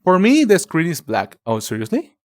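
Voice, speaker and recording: Streaming live, this young Spanish-accented guy talks loosely to his audience, fumbling words and tossing out "cutie" and "darling." His fairly high voice swoops wildly in pitch at a moderate pace, captured cleanly in a studio with no room sound.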